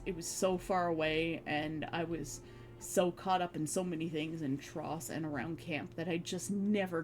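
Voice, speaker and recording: A woman streamer chatting casually, rambling with fillers and frequent laughs. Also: low voice. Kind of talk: casual chat.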